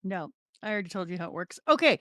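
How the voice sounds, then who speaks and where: A woman's voice: on the low side, lively intonation, fast, bright, forceful tone, no echo, studio quality. A woman co-hosting a live stream, chatting casually in a blunt, teasing way and swearing playfully. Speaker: co-host.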